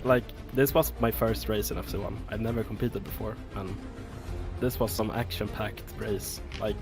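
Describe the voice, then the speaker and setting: A man's voice: lowish voice, steady tone, moderate pace. A man being interviewed after a race, talking hesitantly with many ums. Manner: hesitant, lots of ums and throat clearing. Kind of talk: casual interview. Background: music.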